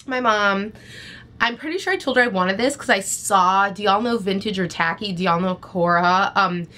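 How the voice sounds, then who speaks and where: A woman's voice: mid-range voice, normal speed, pushed and bright. A young woman in a casual beauty vlog, chatting bluntly about makeup she is throwing out and filling her talk with "like". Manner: blunt, chatty, rambling with many "like"s. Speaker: beauty vlogger. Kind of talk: casual product review chat.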